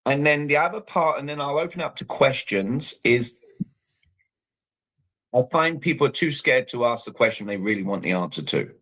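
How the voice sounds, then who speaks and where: A man's voice: medium pitch, animated, normal speed, bright, forceful tone. A British man giving an emphatic coaching talk on a live show over a video call, punctuating points with "all right". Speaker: communication coach, guest.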